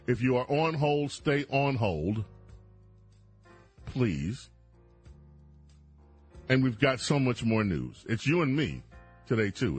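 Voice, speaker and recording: A man's voice: mid-range voice, breathy edge. A man hosting a talk radio show, delivering an emphatic monologue straight to his listeners. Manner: emphatic, addresses listeners directly.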